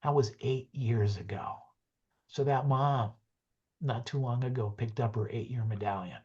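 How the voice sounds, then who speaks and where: A man presenting a webinar, closing with an earnest, gentle story and dropping into soft hushed passages. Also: mid-range voice, measured pace, breathy edge, highs cut off. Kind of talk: heartfelt closing talk with a story.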